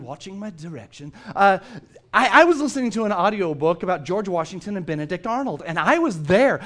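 High-voiced man preaching a story sermon. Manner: storytelling, animated, repeats words when starting. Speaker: pastor.

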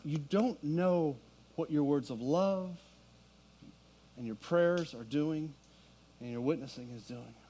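A man's voice: on the high side, slow pace, long pauses, warm tone. A middle-aged man, a pastor, telling a story and preaching a sermon to his congregation. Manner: storytelling, builds to fervent preaching. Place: church sanctuary with congregation.

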